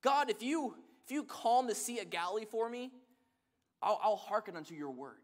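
A man's voice: high-pitched, expressive, moderate pace, voice pushed up. A man preaching a sermon voices a man in a parable who dares God to show a sign, pleading and insistent. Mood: demanding.

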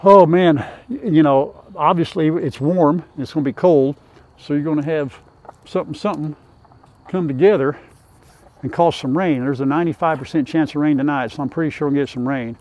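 An older man with an easy drawl, speaking a little high for a man. He chats in a folksy, rambling way, talking to his hens and to his viewers in turn, recorded on a lapel mic outdoors by a chicken pen. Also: fairly quick, a little mellow, lo-fi sound. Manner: folksy and chatty, talks to his birds. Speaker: farm vlogger. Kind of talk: casual farm vlog talk.

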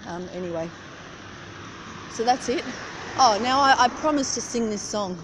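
Her voice fairly high and lively at normal speed, a middle-aged woman walks a cold street in the early morning holding her phone camera. She vlogs in a casual, rambling chat while traffic sounds carry behind her.

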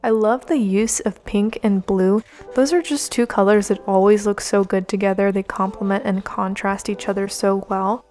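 A woman's voice: medium pitch, fairly even intonation, normal speed, dark tone. A woman narrating a chatty voice-over for her own video, gushing with enthusiasm as she talks to her viewers. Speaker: manga vlogger. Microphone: home voice-over mic. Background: lo-fi background music.

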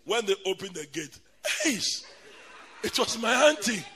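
High, bright-voiced preacher. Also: male voice, a little slow. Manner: animated, laughing often, addresses the audience directly. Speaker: bishop preaching. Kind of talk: lively storytelling sermon. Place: church camp gathering.

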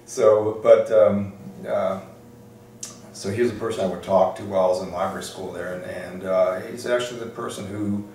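In an oral history interview, a retired-age law librarian from Detroit reflects on his career through stories, frequently restarting and filling gaps with "um." He has a warm, fairly low voice with fairly even intonation and normal speed. The mic sits far off in an echoey room, with some faint noise.

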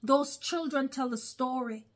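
A woman's voice: high-pitched, unhurried. A woman giving religious commentary in an online vlog, speaking emphatically and often addressing her listeners as brothers and sisters. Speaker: online preacher.

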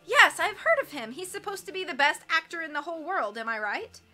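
A scheming male villain posing as a gym coach, oily and falsely polite, as a woman reads him aloud in a storybook. The voice is high and bright, with faint music underneath. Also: sing-song, fairly quick, full character voice. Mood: sly.

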